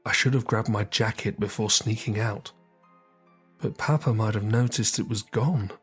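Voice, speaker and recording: A man voicing a gentle, anxious young village girl in a soft, hesitant tone pitched up from his own voice. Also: steady tone, moderate pace, slightly rough, soft background music.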